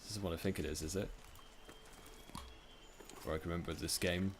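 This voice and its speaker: A man's voice: deep voice, fairly even intonation, a little fast, background noise. A man hosting a let's-play, chatting casually over his gameplay with plenty of fillers and restarts. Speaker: gaming let's-play host. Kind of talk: casual game commentary.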